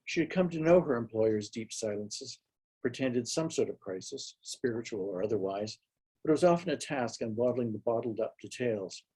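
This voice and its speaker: A man reading his own fiction aloud at a live literary event in a small hall, measured and dryly wry. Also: mid-range voice, warm tone, slightly rough.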